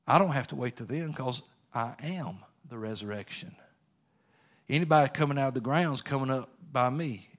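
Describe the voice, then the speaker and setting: Preacher voicing a calm, assured Jesus. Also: male voice, medium pitch, normal speed, natural voice. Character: calm assured male Jesus, patient teacher.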